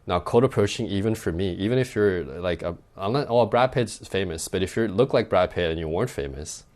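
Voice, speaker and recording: Here a young adult man who coaches dating speaks with a low-pitched, fairly quick, slightly mellow voice. It's casual podcast advice talk, loose and conversational, full of "like" and lines ending in "right?".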